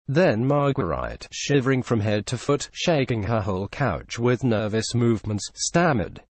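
A man narrating a classic story in a measured, expressive storytelling manner. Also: mid-range voice, no room sound. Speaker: audiobook narrator. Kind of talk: scripted narration.

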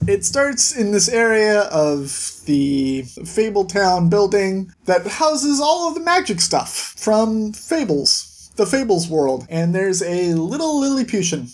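A woman hosts a casual comic review vlog with a lively, swooping pitch. She talks in a jokey, exasperated way, often breaking into playful character voices. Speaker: host and book reviewer.

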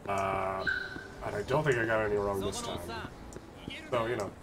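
A man's voice: lowish voice, steady tone, moderate pace, a crowd in the background. A man casually commenting on a video game as he plays, with playful, wry asides. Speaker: streamer. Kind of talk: gameplay commentary. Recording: game music behind voice.

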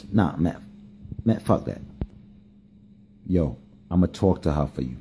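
A young man doing comic, slangy commentary as a mock mediator, scolding and coaxing in animated bursts. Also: deep voice, measured pace, long pauses, a little hiss or hum. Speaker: comedic vlogger. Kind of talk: comic running commentary to dogs.

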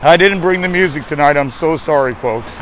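A man's voice: on the high side, a little fast, fairly bright tone, a little hiss or hum. A man hosting a livestream outdoors on a city sidewalk, talking in a crude, joking, profane way and sounding short of breath behind a face mask. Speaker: livestream host. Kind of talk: rambling live-stream chat.

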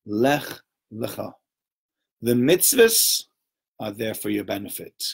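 A man giving an informal Torah talk to a small group, conversational and animated, often checking in with "right?" and acting out little voices. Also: lowish voice, slow, vocal fry, husky. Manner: acts out little voices and sounds while telling stories.

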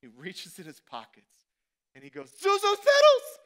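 A man preaching a sermon as pastor, animated and conversational, swinging from loud to hushed. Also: mid-range voice, moderate pace. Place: church.

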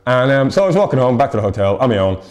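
A man's voice: medium pitch, big pitch swings, racing, a little mellow. A man, co-presenting a local TV show and telling a rambling, self-mocking comic story.

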